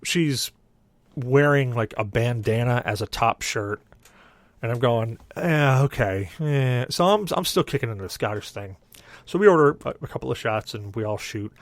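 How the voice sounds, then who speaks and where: Guy on a podcast telling a drunk story, voice jumps all over, dry close sound, mid pitch. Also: moderate pace, dry recording. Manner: animated, voices others in quoted dialogue. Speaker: podcast co-host. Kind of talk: casual storytelling.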